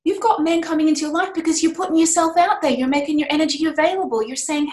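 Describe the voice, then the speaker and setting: A woman with a fairly high voice talks through her ideas with passion and emphasis, candid and now and then swearing. Her voice rings in an echoey room. It sounds like a casual podcast chat. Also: fast talker, a little mellow. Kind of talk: casual podcast chat about business and mindset.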